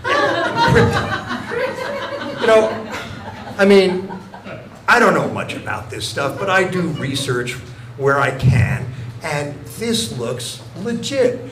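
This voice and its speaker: An older man tells his stand-up stories with mock innocence and a deadpan touch. His voice is fairly high and rings through a roomy club. The audience and room noise come through clearly. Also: slow. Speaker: stand-up comedian. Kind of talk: stand-up comedy. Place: comedy club stage.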